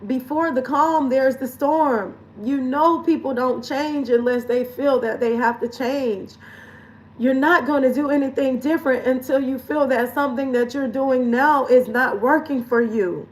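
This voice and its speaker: A woman lifestyle coach speaking in a candid confessional vlog, with a voice pitched a little high. She is emotional and earnest, repeats lines for emphasis and laughs between phrases. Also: steady tone, unhurried, far from the mic, rough recording.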